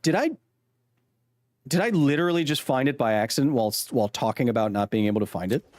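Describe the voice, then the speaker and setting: A man's voice: medium pitch, animated, fast, darkish tone, slight background noise. Joking man chatting with his livestream viewers. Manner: joking, reads and answers chat messages. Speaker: livestream host. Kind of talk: casual gameplay livestream chat.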